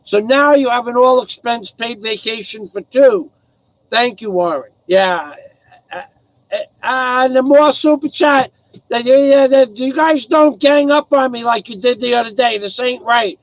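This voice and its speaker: A man hosting a casual live stream from home, rambling as he reads out viewer names and thanks donors, his voice hoarse from singing. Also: extremely high pitch, a little slow, no echo, poor audio. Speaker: livestream host.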